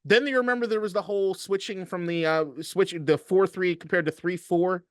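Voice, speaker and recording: A man co-hosting a casual sports podcast, telling stories in a profane, animated way. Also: high-pitched, fairly quick, clear, resonant tone, no room sound, clean studio sound. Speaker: podcast co-host.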